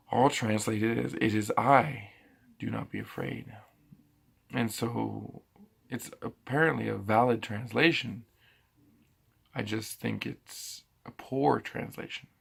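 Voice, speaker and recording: A man's voice: lowish voice, creaky, fairly bright tone, husky. A man giving a casual bible teaching, thinking aloud and often restarting his sentences. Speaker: preacher.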